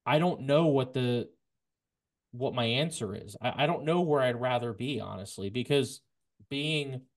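A man hosting a casual sports podcast, stumbling over repeated words and then rushing ahead in bursts of excitement. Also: medium pitch. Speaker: podcast host.

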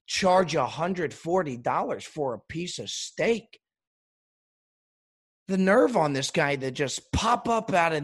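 A man's voice: sits high, breathy edge. A man hosting a comedy show, delivering an indignant, mock-outraged rant. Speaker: comedic host.

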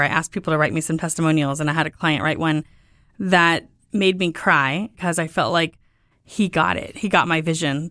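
Woman on a podcast, lowish voice, chatty storyteller, bounces up when she quotes people, dry close sound. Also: no room sound. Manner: lively, acts out quoted questions with lifts in pitch. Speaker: guest, travel tour founder. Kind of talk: casual interview storytelling.

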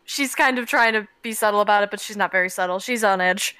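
A woman's voice: fairly high pitch, fairly even intonation, brisk, few pauses, bright, forceful tone, clean tone, dry recording, poor audio. A woman playing a tabletop role-playing game, casually describing what her character does. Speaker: player.

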